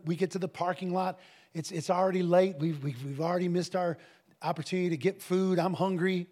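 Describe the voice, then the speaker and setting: A man telling a story in a casual, animated way, laughing often and restarting his phrases. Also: sits high. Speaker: guest minister telling a story.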